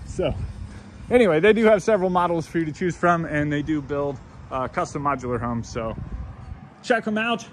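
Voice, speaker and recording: A man's voice: high-pitched, a little hiss or hum. Upbeat man giving a home tour. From United States. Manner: upbeat, gushing, chatty with fillers. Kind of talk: enthusiastic home tour walkthrough. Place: model home, walking indoors and outdoors.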